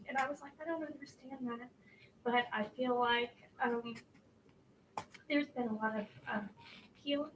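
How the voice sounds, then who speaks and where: A woman sharing in a group, hesitant and emotional, speaking softly with many fillers. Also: a little high, fairly even intonation, normal speed, pauses often. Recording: distant mic with faint noise.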